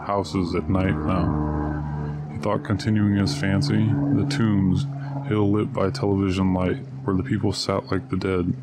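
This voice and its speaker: A man reading a short story aloud outdoors in a measured, unhurried way. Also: low voice, monotone, heavy background noise. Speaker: story reader.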